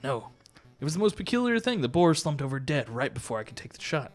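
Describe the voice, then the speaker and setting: A gruff male hunter from a game, recounting his hunt in a low, hushed storyteller's voice with plenty of rise and fall. A man puts him on while reading the game aloud. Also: sing-song, fast talker, faint music behind. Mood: matter-of-fact.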